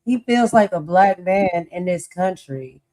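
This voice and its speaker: A woman's voice: on the low side, measured pace, warm tone. A woman panelist speaking earnestly on a live panel, defending another speaker.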